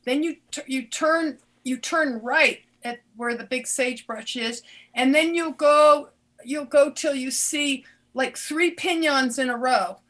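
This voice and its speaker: An older woman and former doctor telling a personal story in an interview, earnest and halting, often restarting her words. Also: high voice, a bit bright.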